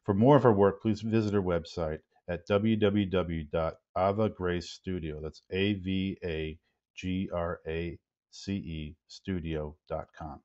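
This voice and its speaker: A man hosting a webinar, reading a formal, measured introduction of a guest. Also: deep voice, steady tone, a little mellow. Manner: measured, formal, some ums. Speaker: webinar host. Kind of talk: read-out introduction. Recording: dull lo-fi webinar audio.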